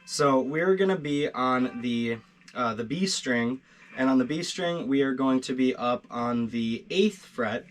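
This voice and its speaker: A man teaching beginner guitar licks in a casual video lesson, relaxed and encouraging, with plenty of fillers and restarts. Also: mid-range voice, unhurried.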